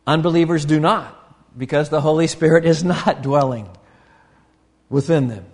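A man's voice: fairly high pitch, moderate pace, darkish tone, long reverb tail. A man, preaching a sermon in an earnest, conversational way with frequent restarts. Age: 50s. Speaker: pastor.

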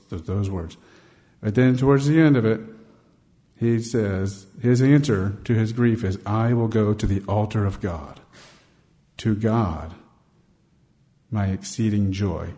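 A man preaching a sermon with a mellow, somewhat low voice. He tells stories in a conversational way, slipping into bits of dialogue, then turns emphatic and animated as he drives his point home. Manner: storytelling, conversational, acts out dialogue.

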